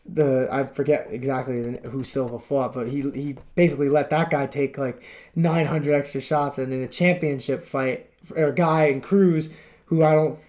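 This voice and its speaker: A man's voice: mid-range voice, steady tone, moderate pace, a little mellow. A man co-hosting a podcast, rambling casually and laughing often as he retells stories. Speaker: podcast co-host. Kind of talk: casual chat.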